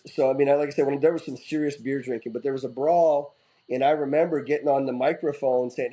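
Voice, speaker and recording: Middle-aged male guest, slightly high voice, lively raconteur, casual, restarts often. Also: fast talker, rough recording. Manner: animated, repeats and restarts, swears casually. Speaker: podcast guest, former hockey player. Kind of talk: casual storytelling interview.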